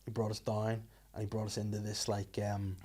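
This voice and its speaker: A man's voice: lowish voice, completely flat delivery, brisk, dark tone. A young man co-hosting a casual podcast, telling loose, sweary anecdotes in an offhand way. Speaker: podcast co-host.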